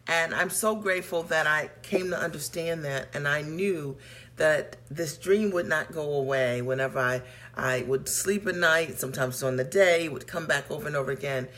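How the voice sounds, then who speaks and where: A woman business coach talks to her audience in a motivational live stream. Her voice is bright and forward, and her delivery is earnest and personal. She welcomes viewers by name as they arrive. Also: deep voice, moderate pace.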